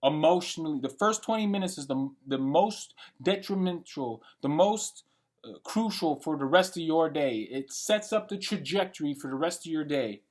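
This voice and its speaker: A man's voice: a little high, animated, normal speed. A man in his late twenties giving a blunt, profane and rambling monologue for his vlog. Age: late 20s. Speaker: vlogger. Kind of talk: unscripted rant monologue.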